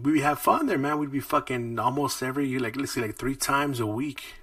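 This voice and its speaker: A man's voice: medium pitch, sharp tone, no echo. A man, hosting a podcast and telling rambling, profane stories from his childhood. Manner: profane, rambling, laid-back. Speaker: podcast host. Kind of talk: casual storytelling monologue. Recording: dry, distant mic.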